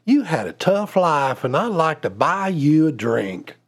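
A man's voice: on the high side, sing-song, measured pace, full character voice. A man voicing a sympathetic man at a bar, who asks courteous, concerned questions in a told joke.

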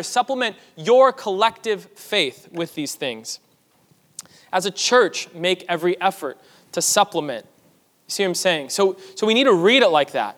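High-voiced pastor in a reverberant hall. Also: male voice, a bit bright. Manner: conversational teaching with asides to the congregation. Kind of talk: sermon. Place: church sanctuary.

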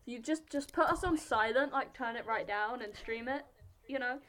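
A teenage girl with an English accent co-hosts a podcast over a video call, her voice fairly high and her pace moderate against a noisy crowd. She's blunt and teasing in this casual chat and swears freely.

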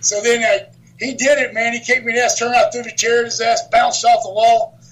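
Animated high-voiced storytelling man. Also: a little fast, low-quality recording. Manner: animated storyteller, laughs often, swears freely. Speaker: wrestler and author, guest. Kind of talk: casual storytelling interview.

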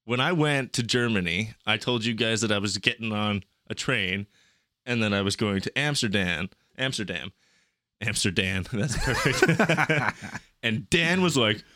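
A young man chatting casually as a podcast guest, telling travel stories in an animated, profane way. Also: fairly low pitch, measured pace, no echo, clean studio sound. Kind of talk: casual chat.

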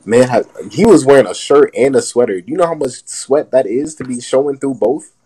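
A man's voice: mid-range voice, normal speed, dark tone, husky, poor audio. A young man hosting a phone live stream, bantering loosely in slang and laughing often. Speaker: TikTok live host. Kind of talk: casual chat.

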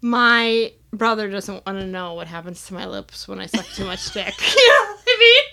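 A woman's voice: medium pitch, big pitch swings, normal speed, creaky, sharp tone, slight background noise. A young woman co-hosting a podcast, chatting bluntly and telling stories with frequent laughter. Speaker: podcast co-host. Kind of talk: casual chat.

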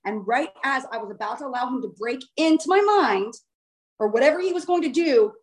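A young woman tells a story in a relaxed, unscripted way, her voice sitting a little high. She talks animatedly and informally, tossing in casual swearing as she goes. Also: brisk.

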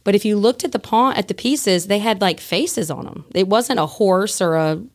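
A woman guest on a podcast, telling a story in a casual, animated way and acting out the dialogue. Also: mid-range voice, normal speed. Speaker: guest, former prison staff.

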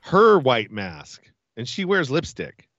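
A man telling a funny story as a podcast guest, animated and laughing as he talks. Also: mid-range voice, takes it slowly, dry recording, dull audio. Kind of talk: casual storytelling.

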